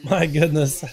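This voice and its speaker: A young man with a hoarse voice, whose first language is Russian, hosting a livestream and giving casual, excitable commentary on game duels while bantering with his chat. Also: a little high. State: hoarse, voice rough tonight.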